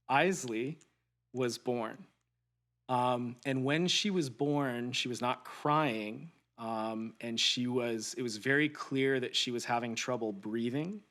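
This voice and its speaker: A man, a podcast guest, recounting a personal story in an earnest, reflective way, often halting and restarting his sentences. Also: medium pitch, animated, a bit bright.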